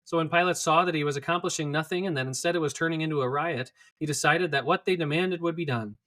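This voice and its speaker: A man reads scripture aloud, steady and clear. His voice sits slightly high and has a bright, forward ring. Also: quick pace. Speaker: scripture reader. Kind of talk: scripture reading.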